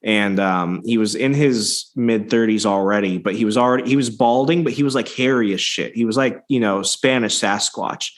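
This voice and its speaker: A man's voice: lowish voice, normal speed, few pauses. A man hosting a podcast, telling stories in a loose, profane, casual chat with many restarts. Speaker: podcast host.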